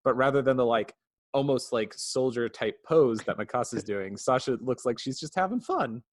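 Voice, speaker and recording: A man co-hosts a casual podcast review chat, his mid-range voice full of lively intonation at a moderate pace. The recording is dry and studio-clean as he animatedly retells scenes and acts out characters' lines.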